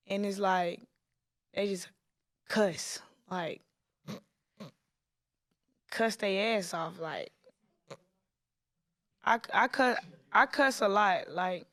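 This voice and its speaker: A woman's voice: medium pitch, slow pace, long pauses, a bit bright, no echo. A woman from Tennessee, chatting casually as an interview guest, laid-back and full of slang and fillers. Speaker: guest rapper.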